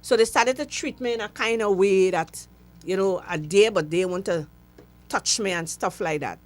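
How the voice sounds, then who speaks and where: A middle-aged woman with a Trinidadian accent, a guest in an interview, telling her story with lively acted-out dialogue. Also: medium pitch, moderate pace. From Trinidad and Tobago.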